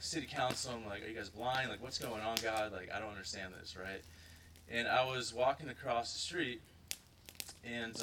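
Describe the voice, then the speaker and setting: A man's voice: on the low side, recorded from a distance, background noise. A young man from Ohio telling a casual spoken testimony to a group, rambling with lots of fillers and "like". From Ohio, USA. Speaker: churchgoer giving a testimony.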